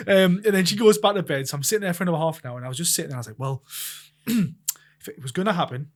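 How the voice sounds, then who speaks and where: Fast-talking man telling stories. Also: a little high. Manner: animated storyteller, acts out his own panicked reactions with laughter. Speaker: podcast co-host. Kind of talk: casual chat.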